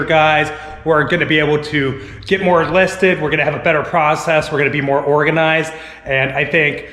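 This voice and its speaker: Slightly hoarse male vlogger, casual rambling delivery, fairly high voice, roomy echoing recording with long tail. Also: fairly bright tone. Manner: rambling, full of "like" fillers. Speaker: vlogger and online reseller. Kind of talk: casual talk to camera. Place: inside a house. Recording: echoey room with long reverb.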